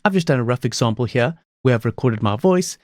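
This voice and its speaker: A man presenting a screen-recorded software tutorial, explaining each step calmly. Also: mid-range voice, fairly quick, dry recording, studio quality.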